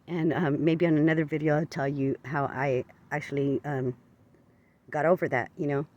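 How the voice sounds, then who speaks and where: A man's voice: a little high, fairly even intonation, normal speed, darkish tone, dull audio. A man telling a personal story to camera in an earnest, confessional way, often stopping to restart and repeat his phrases. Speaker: vlogger.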